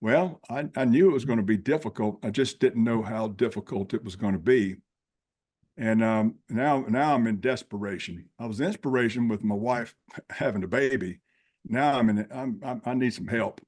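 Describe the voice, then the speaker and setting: A man's voice: medium pitch, moderate pace. A man in his sixties, a podcast guest, telling his life story in a folksy, plain-spoken way and acting out the dialogue. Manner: animated storyteller who acts out dialogue. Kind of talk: personal storytelling.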